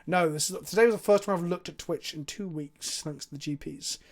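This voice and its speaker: A young man streams a card game, narrating his plays and chatting with viewers in an animated, self-mocking, foul-mouthed manner. His voice runs on the high side and his pace is brisk.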